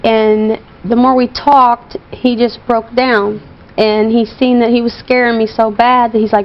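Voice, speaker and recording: A woman telling her story as an interview guest, earnest and halting, with many pauses and fillers. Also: a little high, flat delivery. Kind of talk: emotional personal account. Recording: dull broadcast audio.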